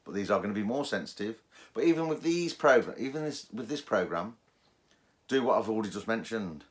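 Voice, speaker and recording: Man, deep low voice, casual how-to talk, chatty. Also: animated, fairly quick. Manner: chatty, restarts and fillers, mimics detector tones. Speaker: metal detecting presenter.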